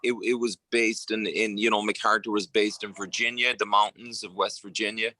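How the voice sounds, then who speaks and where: An Irish actor chatting casually as an interview guest, telling relaxed stories with plenty of fillers. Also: male voice, on the low side, normal speed, no room sound. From Ireland. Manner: anecdotal, relaxed storytelling with frequent fillers.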